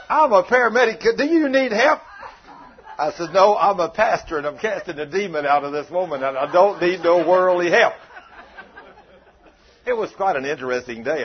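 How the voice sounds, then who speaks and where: A man, a pastor telling a folksy, animated story in a sermon, on a dull lo-fi recording. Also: on the high side, breathy edge.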